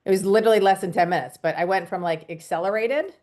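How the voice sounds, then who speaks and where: A woman from Pennsylvania casually telling a story, animated and acting out dialogue. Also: medium pitch, fast. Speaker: co-host coach.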